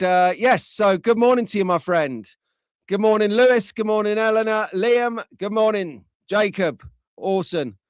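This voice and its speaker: Man, live-stream host, jokey and rambling, clean smooth voice, dry close sound. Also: sits high, dry recording. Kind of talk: casual live-stream chat with viewer shout-outs.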